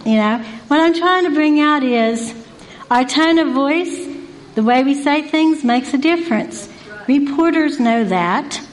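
In a low-quality recording, a high-pitched woman gives an informal Christian devotional talk. She's earnest, folksy and repetitive, asking rhetorical question after rhetorical question.

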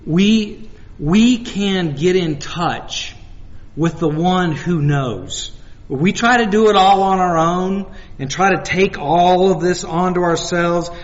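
A man's voice: high voice, takes it slowly, in a large hall, dull audio. A man preaching a sermon in a conversational way, telling personal stories and acting out little dialogues. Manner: conversational, with repeated restarts and acted-out dialogue.

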